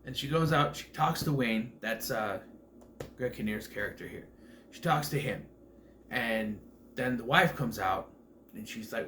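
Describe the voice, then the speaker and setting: A man's voice: mid-range voice, lively intonation, unhurried, a bit bright, slight background noise. A man giving a casual, rambling film commentary, full of fillers and restarts. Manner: rambling, filler-heavy, self-correcting. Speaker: film reviewer.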